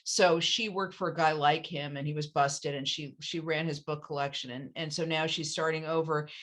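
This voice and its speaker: Brief: woman, author, chatty and animated, slightly low voice, lots of ums. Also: moderate pace. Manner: chatty, animated, with many fillers and restarts. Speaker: author and interviewer.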